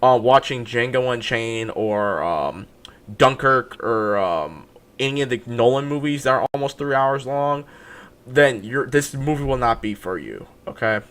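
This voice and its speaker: A man hosting a casual movie review chat, animated and insistent, often repeating himself. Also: mid-range voice, unhurried. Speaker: movie review podcast host.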